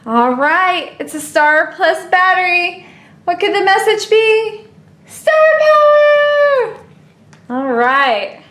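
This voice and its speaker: A woman's voice: very high-pitched, lively intonation, takes it slowly, bright, forceful tone, echoey room. A woman unboxing toys on her own channel, gushing and playful, squealing with delight at each surprise. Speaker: toy unboxing vlogger. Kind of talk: excited toy unboxing chatter.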